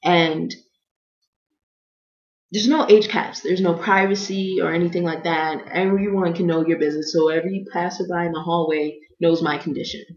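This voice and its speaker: A young American woman telling a comedic personal story in an animated way, acting out other people's lines in quick voices. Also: fairly low pitch. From United States. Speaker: vlogger. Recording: echoey room, dull lo-fi sound.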